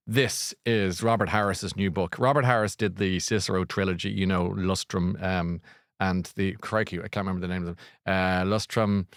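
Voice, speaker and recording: A man's voice: lowish voice, dry recording, studio quality. A middle-aged man hosting a book show, rambling and jokey with lots of fillers and restarts. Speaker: radio book show host. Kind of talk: casual chat.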